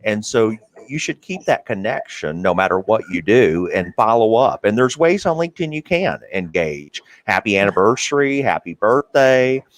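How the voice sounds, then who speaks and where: A man's voice: fairly low pitch, expressive, moderate pace, hardly any pauses, dry recording. A man hosting an interview about careers, talking earnestly with many fillers and restarts. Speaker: podcast host. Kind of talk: interview conversation.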